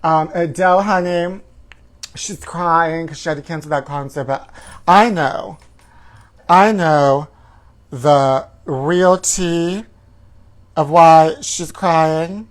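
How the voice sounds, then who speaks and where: A man's voice: on the high side, slow pace, long pauses. Campy man hosting a gossip comedy show. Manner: campy, calls listeners honey. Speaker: host. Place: home livestream.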